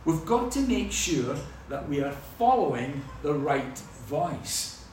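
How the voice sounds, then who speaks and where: A Scottish pastor preaches a sermon, his fairly high voice moving slowly as he tells humorous stories in a lively way. The recording comes from far off in an echoey hall, with a little hiss or hum.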